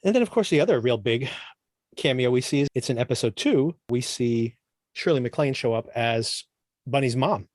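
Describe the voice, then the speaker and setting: A man's voice: medium pitch, animated, normal speed, darkish tone, no room sound, clean studio sound. A man co-hosting a podcast in casual chat, rambling and opinionated, often restarting his phrases. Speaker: podcast co-host.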